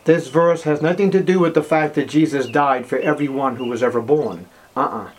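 A man preaching a sermon, emphatic, swinging from loud declarations to hushed, slow words. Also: on the high side.

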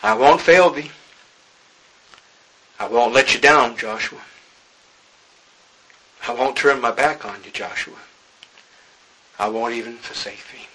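Brief: male pastor, husky edge, slow dramatic preaching. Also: medium pitch, bright, forceful tone, rough recording. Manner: dramatic, acts out scripture dialogue. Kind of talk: sermon.

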